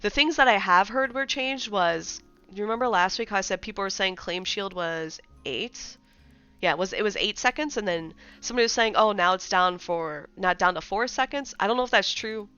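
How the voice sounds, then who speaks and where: A woman's voice: medium pitch, brisk, bright, forceful tone, clean tone, highs cut off, soft background music. A woman streaming live, chatting casually about game updates and greeting viewers in chat.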